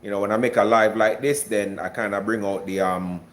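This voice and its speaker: A man's voice: fairly low pitch, fairly even intonation, a little fast, a bit bright. Laid-back Jamaican-born man chatting live. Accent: American with a light Jamaican lilt. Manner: rambling, repeats words, answers chat. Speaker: livestreamer. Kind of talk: casual livestream chat. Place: South Florida.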